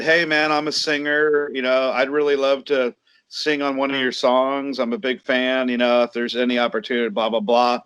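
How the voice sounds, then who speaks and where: A man's voice: medium pitch, fairly bright tone, clear, resonant tone, dry recording. A man, a heavy metal singer, being interviewed and telling stories in casual chat, acting out quoted exchanges and swearing freely.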